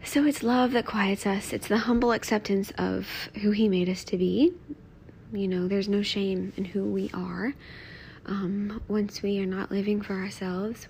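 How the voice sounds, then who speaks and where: A young woman hosting a reflective devotional talk from home, soft and earnest, often dropping to a near-whisper. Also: lowish voice, creaky, slight background noise. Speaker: podcast host.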